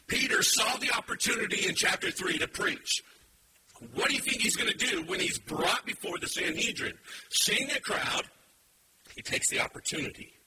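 Animated, high-voiced male pastor preaching. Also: normal speed, vocal fry, far from the mic, background noise. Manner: animated and emphatic, with playful puns. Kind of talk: sermon. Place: church with a live congregation.

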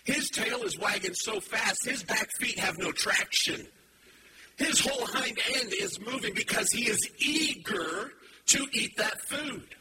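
A preacher man with a fairly high voice delivers a sermon from a church stage. He talks in a relaxed, storytelling way, then climbs into loud, emphatic urging. The recording carries clear background noise. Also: a little slow. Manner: animated, builds to emphatic exhortation. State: has a headache.

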